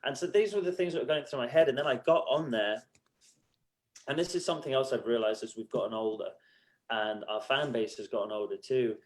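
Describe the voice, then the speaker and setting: An animated man telling a story as a podcast guest. He acts out conversations in other voices and swears freely. His pitch leaps around a lot. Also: a little fast. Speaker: podcast guest, band musician. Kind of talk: casual storytelling.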